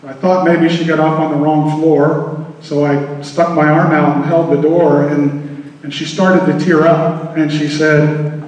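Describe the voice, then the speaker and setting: A man's voice: on the high side, flat delivery, unhurried, a little mellow, recorded from a distance. Earnest man speaking in an echoey hall. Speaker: Coast Guard officer addressing a public meeting. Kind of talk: public speech. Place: large hall at a public meeting.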